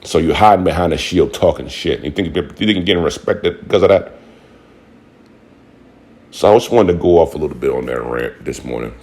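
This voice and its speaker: A man's voice: a bass voice, lively intonation, brisk, darkish tone. A man ranting angrily and profanely to his audience, mocking the people he argues with. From Buffalo, New York. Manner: heated and profane, mocking quoted voices. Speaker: vlogger. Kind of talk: angry rant to camera.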